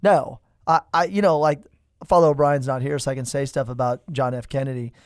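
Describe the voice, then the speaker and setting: A man's voice: medium pitch, fairly even intonation, brisk, dry recording. A man, a priest hosting a podcast, chatting casually in a jokey, rambling way with many restarts, recorded in a studio.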